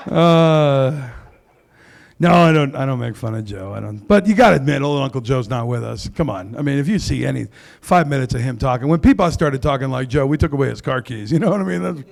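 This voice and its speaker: A man's voice: medium pitch, animated, fairly quick, vocal fry. A man doing a stand-up comedy set on a club stage into a handheld mic, brash and crude with self-mocking punchlines.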